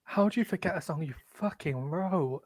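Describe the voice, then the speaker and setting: A man's voice: a little high, moderate pace, a crowd in the background. A man with a thick Yorkshire accent, co-hosting a podcast in casual, blunt and profane banter. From Yorkshire, England. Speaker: podcast co-host. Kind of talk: casual chat.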